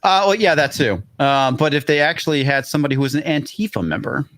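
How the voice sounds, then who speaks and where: A man's voice: on the high side, lively intonation, fast, a bit bright, dry recording, clean studio sound. A man co-hosting a casual streamed chat, reading donations aloud in a laid-back, profane way. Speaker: stream co-host.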